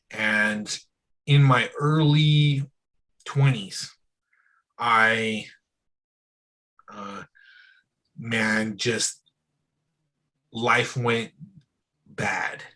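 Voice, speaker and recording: Husky-voiced man talking frankly, calling you bro. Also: mid-range voice, sharp tone, low-quality recording. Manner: loose and frank, often says "bro" and "dude". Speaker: interview guest. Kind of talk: casual candid conversation.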